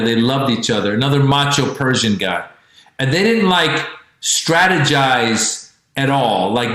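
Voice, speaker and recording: Echoey, animated, profane forties comic. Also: male voice, mid-range voice. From Iran. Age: 40s. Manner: animated, profane, addresses the crowd directly. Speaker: stand-up comedian. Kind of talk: stand-up routine on a livestream. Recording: very echoey space.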